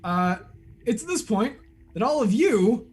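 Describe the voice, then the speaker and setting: A man's voice: high-pitched, big pitch swings, slow, a little mellow, a little hiss or hum. A man narrating a tabletop game as game master, describing scenes loosely with frequent "like" and "uh".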